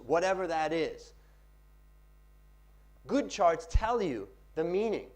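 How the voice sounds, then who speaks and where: Guy teaching a room full of people, fairly high voice, punchy and expressive, switches soft to loud. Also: a little slow. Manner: animated, varies loudness and pace for effect. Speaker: workshop speaker on pitching. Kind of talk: live presentation to an audience. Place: seminar room with audience.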